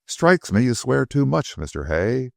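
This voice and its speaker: A man's voice: medium pitch, big pitch swings, unhurried, vocal fry, no room sound, clean studio sound, voice pushed up. A male audiobook narrator voicing a small, imperious woman who coolly bullies a man into talking. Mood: commanding. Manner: cool, commanding, mocking. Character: sharp, imperious little woman detective.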